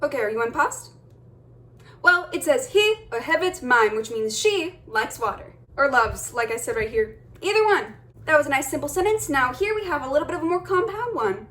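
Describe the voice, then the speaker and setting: A woman's voice: high-pitched, very animated, moderate pace, a bit bright. A young woman teaching a casual video language lesson, upbeat and encouraging, talking straight to her viewers.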